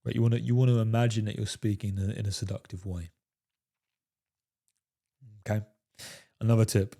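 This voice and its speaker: A man with a low, mellow, dark voice delivers a coaching monologue to his viewers. He talks emphatically and curses freely, tagging his points with "fellas" and "right?". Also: little pitch movement, brisk, creaky, long pauses. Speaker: dating coach.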